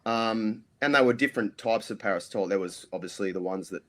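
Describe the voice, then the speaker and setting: A man's voice: lowish voice, fast. A middle-aged Australian man, a podcast guest, telling rambling stories full of ums and restarts. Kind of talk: casual interview storytelling.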